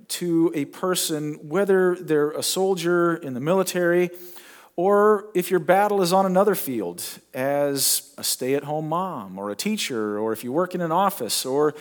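A middle-aged male pastor preaching a sermon, retelling a story in a conversational way with dramatic pauses. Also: on the high side.

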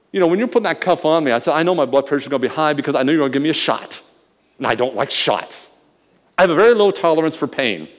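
Male preacher, fairly high voice, storytelling sermon, long reverb from a hall. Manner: storytelling, swings from quiet murmurs to loud emphatic bursts.

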